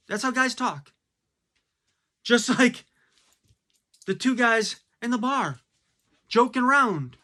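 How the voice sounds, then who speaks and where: A man's voice: high voice, bright, forceful tone. A man giving a blunt, casual opinion monologue, full of fillers and rhetorical questions. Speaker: commentator.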